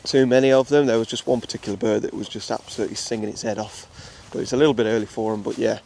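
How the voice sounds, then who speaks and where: A man's voice: lowish voice, fairly even intonation, racing, vocal fry, dark tone, slight background noise. Chatty Midlands man outdoors. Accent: English Midlands. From England. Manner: chatty, rambling, many fillers and restarts. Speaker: wildlife photographer. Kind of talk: casual vlog narration outdoors. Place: outdoors at a nature reserve.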